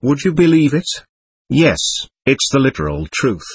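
Bitter, restless young man, snapping and sardonic, read by a male narrator, husky tone. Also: medium pitch, very animated, normal speed, no room sound, exaggerated voice. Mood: bitterly elated. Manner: sardonic, snapping, self-mocking. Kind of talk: audiobook character reading.

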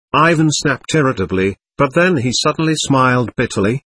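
Male audiobook narrator, expressive, husky edge. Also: mid-range voice, normal speed, hardly any pauses. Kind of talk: scripted narration.

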